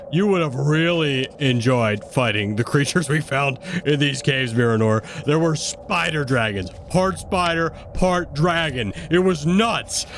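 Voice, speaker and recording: A man, a tabletop game player, recapping the adventure in an excited, stumbling way with laughs. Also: a little high, slight background noise.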